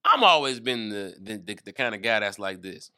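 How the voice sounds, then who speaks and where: A man doing comedic casual chat, riffing profanely and jumping into quick acted-out voices. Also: on the low side, animated, bright, forceful tone, clear, resonant tone. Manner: profane, riffing, acts out bits with quick voice jumps.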